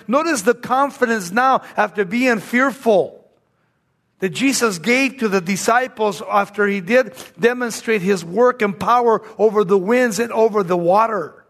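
A man preaching a sermon, swinging between raised exclamations and hushed, low-spoken lines. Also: moderate pace.

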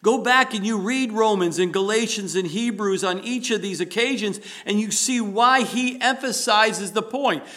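A middle-aged male pastor delivers a sermon in a high, bright voice. He works phrases over again and again, pressing each point harder as he goes. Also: normal speed, few pauses. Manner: preaching with rising emphasis and repetition.

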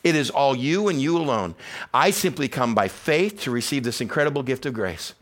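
Delivering a sermon a little fast, this male pastor has a mid-range voice. He's animated and conversational, acting out quoted voices, rising to loud emphatic moments and dropping to quiet, reflective ones.

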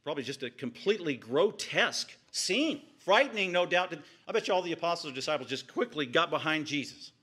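Male pastor preaching, bright and slightly high voice, dramatic swings between hushed and exclaimed lines, repeats phrases for vivid effect. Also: expressive, quick pace, hardly any pauses, husky. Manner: retells scripture vividly, piling up repeated phrases. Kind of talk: expository sermon.

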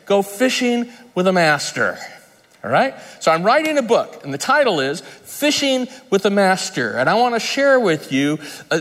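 Male preacher, bit higher voice, lively storytelling sermon, long hall reverb. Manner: storytelling with humor and laughter. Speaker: pastor. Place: large conference hall.

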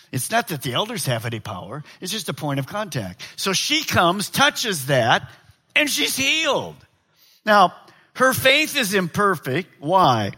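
A middle-aged male pastor preaching a sermon, swinging from loud to hushed. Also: high-pitched.

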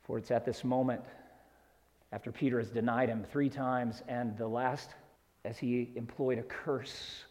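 A man's voice: mid-range voice, level tone, measured pace, a little mellow. A man from the American South preaching an expository sermon, earnest and explanatory, rising to emphatic peaks. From Southern United States. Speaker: pastor. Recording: long hall reverb.

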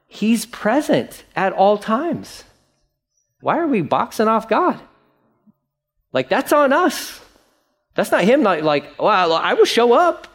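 A male pastor preaching a conversational sermon, acting out quotes and asides. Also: high voice.

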